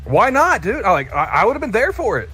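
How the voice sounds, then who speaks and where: A man's voice: sits high, wildly swooping pitch, fairly quick, music in the background. A man in his thirties on a podcast panel, joking crudely in casual chat and stumbling over restarts. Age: 30s.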